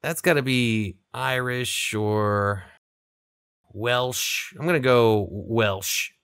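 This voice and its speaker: A young man giving casual, chatty commentary over his own gameplay, relaxed and laughing often. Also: medium pitch, extremely slow, clean tone, dry recording, clean studio sound. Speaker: gaming video creator.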